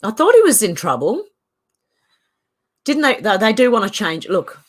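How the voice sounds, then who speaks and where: A woman's voice: mid-range voice, expressive, moderate pace. A middle-aged Australian woman hosting a casual livestream, reading viewer comments aloud in a chatty, opinionated way. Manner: chatty and opinionated, laughs often. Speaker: channel host.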